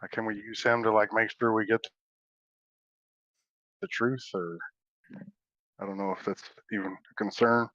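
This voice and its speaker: A man's voice: lowish voice, little pitch movement, moderate pace, pauses often, a bit bright, dry recording, lo-fi sound. A man playing a tabletop game over an online call, offhand and a little unsure. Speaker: player. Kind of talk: casual game table chat.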